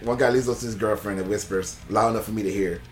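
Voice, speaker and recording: A man's voice: on the low side, steady tone, rapid-fire. Guy rambling thru a movie plot, swears a lot, laughs easy, bit of guitar music in the back. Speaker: podcast co-host reviewing a movie. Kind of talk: casual chat.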